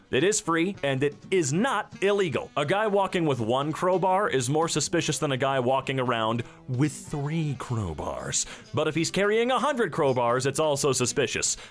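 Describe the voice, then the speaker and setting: A young man riffing sarcastically on internet posts as a comedy commentator, quick with his asides. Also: on the high side, fairly bright tone.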